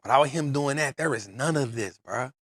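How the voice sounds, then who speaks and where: A man's voice: medium pitch, moderate pace, breathy edge, no echo, clean studio sound. A man hosting a podcast, telling an emotional personal story in casual street slang. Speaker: podcast host. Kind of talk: casual chat.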